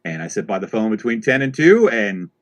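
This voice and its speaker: A man's voice: lowish voice, sing-song, a little fast. A man hosting a casual podcast chat, telling exasperated, profane stories. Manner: ranting, profane, exasperated storytelling. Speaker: podcast host.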